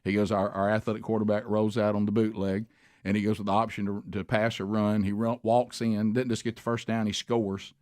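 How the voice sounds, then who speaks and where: A man's voice: little pitch movement, fairly quick, dry recording, studio quality. Rambling man spinning a story. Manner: rambling storyteller who acts out quotes with big high shouts. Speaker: radio show host. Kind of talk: storytelling on a talk show.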